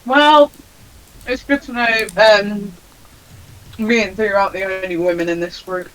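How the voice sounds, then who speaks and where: A woman's voice: mid-range voice, steady tone, a little slow, low-quality recording. A woman playing in a casual tabletop game, teasing and a little hesitant. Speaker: player.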